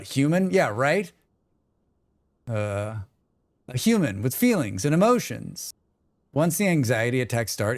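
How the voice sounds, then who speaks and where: A man chatting casually on a gaming livestream, excitable and swearing freely while he talks to his viewers. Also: mid-range voice, no echo, studio quality.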